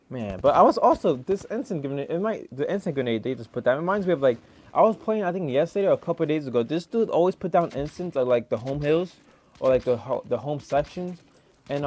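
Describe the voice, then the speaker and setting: A young man giving rambling, excitable live commentary over a match, swearing often and filling gaps with "like" and "oh my god.". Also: medium pitch, a little hiss or hum. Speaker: gaming streamer.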